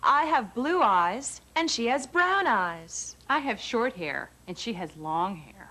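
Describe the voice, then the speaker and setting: Bright, lively woman in a course dialogue. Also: a little high, slow pace.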